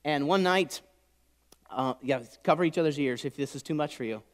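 A middle-aged man preaching a sermon, swinging from loud shouts to soft whispers. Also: on the high side, moderate pace. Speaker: pastor. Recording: long hall reverb.

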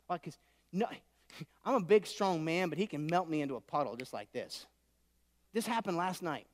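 A man in his thirties delivers a sermon in a fairly high voice. He preaches with swings from loud, pleading bursts to soft, intimate asides. The hall carries a long, lingering reverb. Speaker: pastor.

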